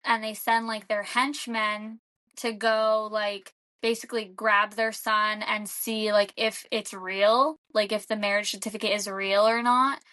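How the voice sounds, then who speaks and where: A woman's voice: mid-range voice, level tone, a little slow, pushed and bright. A young woman co-hosting a podcast, retelling a film in a loose, rambling way full of "like". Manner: rambling, fillers of "like" throughout. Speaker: podcast co-host. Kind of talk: casual chat.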